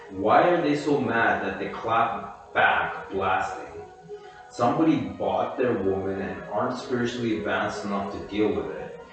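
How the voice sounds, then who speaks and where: A man giving a rambling solo commentary, reading social media posts aloud and then musing on them freely. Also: on the low side. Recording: very echoey room with music behind.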